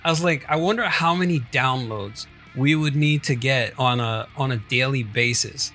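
A man's voice: mid-range voice, normal speed, pushed and bright, faint music behind. A man co-hosting a podcast, easygoing and laughing often in loose, swearing chat. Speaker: podcast co-host. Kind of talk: casual profane chat.

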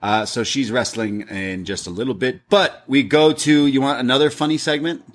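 A man, co-hosting a casual review podcast and retelling scenes with lively acted-out quotes. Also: mid-range voice, normal speed. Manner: animated storytelling, acts out quotes. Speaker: podcast co-host.

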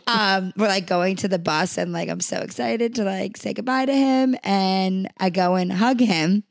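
A woman's voice: mid-range voice, normal speed, gravelly, no room sound, studio quality. A young woman from New York co-hosting a podcast, chatting casually, giggling and rambling with lots of "like.". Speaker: podcast co-host. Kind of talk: casual chat.

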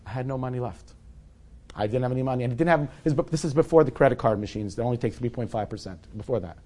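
A man's voice: mid-range voice, quick pace, mellow. A man in his forties telling a personal story to a live audience in a candid, conversational, self-deprecating way. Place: event hall with a live audience.

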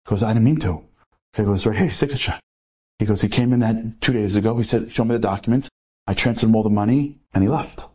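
A man giving an inspirational storytelling talk to a live audience, animated, with rhetorical questions and acted-out dialogue. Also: on the low side, fast talker, husky. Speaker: inspirational speaker.

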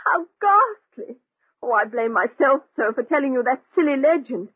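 An actress playing an anxious, doting young wife in a 1940s radio drama, speaking in a breathy, pleading way. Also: female voice, high-pitched, very animated, normal speed, dry recording, heavily acted. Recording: tinny old radio recording.

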